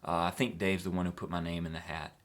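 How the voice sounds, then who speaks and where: A man with a deep, low-pitched voice talks through fan questions in a relaxed, easygoing way. He rambles a little and drops in plenty of filler sounds between thoughts. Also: fast talker. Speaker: singer-songwriter answering fan questions. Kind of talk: casual fan Q&A chat.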